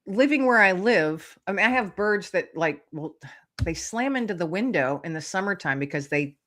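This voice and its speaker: A middle-aged woman, a guest author, telling lively anecdotes in casual chat, acting out little voices and laughing often. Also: fairly low pitch, normal speed. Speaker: guest, author and podcast host.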